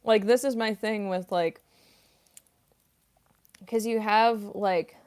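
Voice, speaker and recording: A young woman voice actress chats with her livestream viewers in an unhurried, easygoing way, pausing often on ums and likes. She reads chat messages aloud between bites of chips. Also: medium pitch, fairly even intonation, a little mellow, smooth. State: eating chips while talking.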